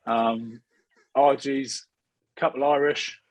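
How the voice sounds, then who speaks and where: A man's voice: mid-range voice, fairly even intonation, slow, no echo, rough recording. A man in his thirties from Scotland, a rugby player and regular co-host, bantering and rambling cheekily over a video call. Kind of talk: casual chat.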